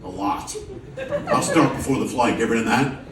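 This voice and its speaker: A man's voice: mid-range voice, normal speed, echoey room, far from the mic, crowd noise. A man doing stand-up comedy in a show lounge, loose and profane, teasing the audience between jokes. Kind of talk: stand-up comedy with crowd work. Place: cruise ship show lounge with a live audience. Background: audience laughter.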